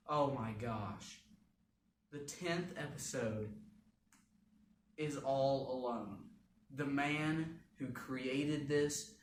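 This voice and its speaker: A man's voice: mid-range voice, a bit bright, a little hiss or hum. A young man hosting a casual solo podcast from a home basement, goofy, rambling and poking fun at himself. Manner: goofy, self-mocking and rambling. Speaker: podcast host. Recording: echoey room, mic a bit far.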